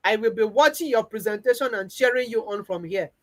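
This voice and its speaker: A woman's voice: fairly high pitch, brisk, natural voice. A woman voicing an affectionate, teasing husband in a spoken story. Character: loving adoring middle-aged husband.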